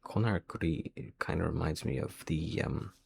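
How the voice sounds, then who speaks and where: A man's voice: extremely low pitch, normal speed, gravelly, slight background noise. A man thinking aloud as he works through a quiz, hesitant and muttering guesses to himself. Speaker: quiz video host.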